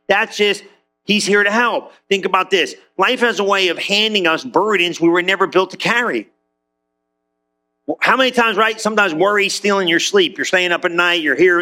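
A man preaching a sermon to his congregation in a chatty, animated way, acting out little quoted exchanges. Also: high voice. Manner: conversational, animated, acts out quotes. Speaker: pastor. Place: church in front of congregation.

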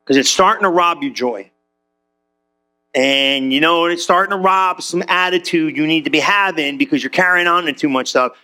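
High-pitched animated male pastor. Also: normal speed. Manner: conversational, animated, acts out quotes. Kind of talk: sermon. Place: church in front of congregation.

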